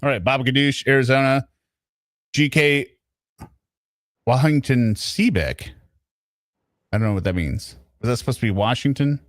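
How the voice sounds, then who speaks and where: A man's voice: mid-range voice, moderate pace, pauses often, no room sound, studio quality, faint music behind. A man hosting a live stream, chatting casually and often tagging his points with "right?". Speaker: stream host.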